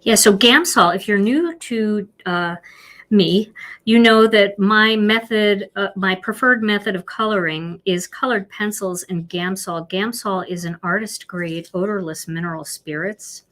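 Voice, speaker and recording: A woman's voice: mid-range voice, a little slow, a bit bright. A woman with a Philadelphia accent hosting a live card-making demonstration, chatty and self-deprecating as she colors. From Philadelphia, USA.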